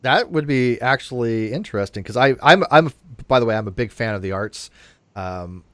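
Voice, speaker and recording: A man hosting a casual panel chat, animated, often repeating himself and restarting his sentences. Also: medium pitch, normal speed, no room sound. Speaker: show host.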